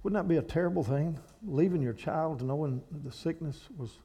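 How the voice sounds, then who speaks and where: Here a fairly high-pitched male voice, warm and husky, moves at a moderate pace. He's an Appalachian-accented guest preacher from Kentucky telling stories from the pulpit in a folksy manner.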